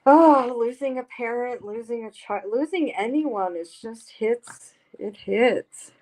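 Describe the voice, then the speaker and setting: Slow-talking woman hosting a livestream. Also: fairly high pitch, a little mellow. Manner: blunt, swears freely, reads chat aloud. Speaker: livestream host. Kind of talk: casual live-stream chat. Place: home.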